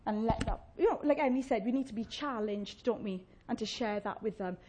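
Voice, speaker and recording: A woman preaching a sermon, chatty and warm-humoured, often asking the congregation questions and laughing. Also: on the high side, a little fast, slightly rough.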